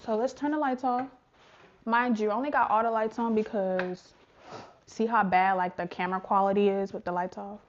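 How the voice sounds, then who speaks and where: Talking directly to her audience, a young woman vlogs with a hand-held phone or camera in her home, on the stairs and outdoors. She peppers her chat with "y'all" and "child" and occasionally half-whispers to guard her private business. The audio is dull with slight background noise, and her mid-range voice stays fairly even at a moderate pace.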